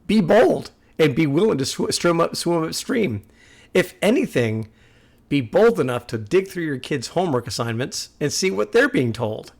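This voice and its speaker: A man's voice: on the high side, sing-song, moderate pace, gravelly, a little mellow. A man hosting a music reaction video, talking earnestly and repeating himself like a sermon. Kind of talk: casual reaction commentary.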